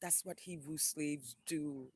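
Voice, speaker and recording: A man's voice: a little high, slow pace, background noise. A man from Haiti hosting a casual livestream, reading viewer comments aloud and ranting in a profane, emphatic way that repeats phrases for emphasis.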